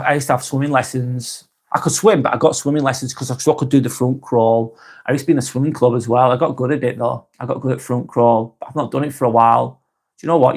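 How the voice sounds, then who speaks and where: A man hosting a casual live stream, talking softly and unhurriedly, apologising often and reading out viewer comments. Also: medium pitch, gravelly. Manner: soft, unhurried, apologetic, with frequent ums and restarts.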